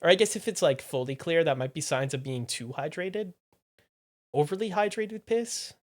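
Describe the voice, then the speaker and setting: A streamer chatting live with viewers in a playful, teasing way. The voice sits in a middle range and keeps swinging from low mumbled asides to sudden loud exclamations. Phrases get repeated as quick remarks to chat. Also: expressive. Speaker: livestreamer.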